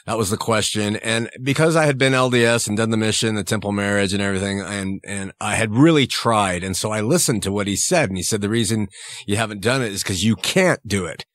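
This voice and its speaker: Middle-aged male guest, frank, low-pitched, dry studio sound. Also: fairly quick, dry recording. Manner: frank, relaxed. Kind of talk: casual interview talk.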